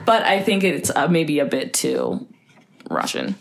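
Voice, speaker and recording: A woman's voice: sits low, expressive, measured pace, gravelly. A young woman co-hosting a casual podcast, chatty and laughing often, full of "like" and "I don't know.". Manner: chatty, laughing, filler-heavy. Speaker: podcast co-host. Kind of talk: casual chat.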